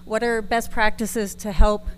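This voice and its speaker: A woman's voice: medium pitch, little pitch movement, a little slow, a little hiss or hum, low-quality recording. A woman from Texas presenting a conference session, talking in a chatty, self-deprecating way with some restarts. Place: conference room.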